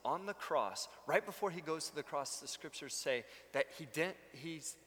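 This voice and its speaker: A man's voice: fairly high pitch, animated, moderate pace, fairly bright tone, big-room sound. A man preaching a sermon, telling stories conversationally with bursts of emphasis. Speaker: pastor.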